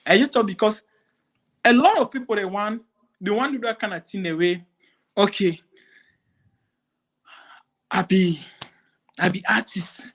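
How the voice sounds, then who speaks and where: A man, a comedian chatting in an interview, animated and quick to slip into French. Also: high voice. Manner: animated, switches into French and mimicry. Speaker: comedian guest. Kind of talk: casual interview chat.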